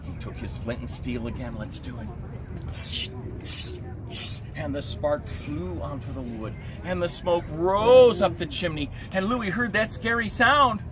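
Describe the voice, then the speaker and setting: A man telling an interactive folk tale to an audience at an outdoor event, animated and drawing listeners in. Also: fairly high pitch, unhurried. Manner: animated, teaching the audience gestures and sounds. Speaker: historical reenactor storyteller. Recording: outdoor street and traffic noise.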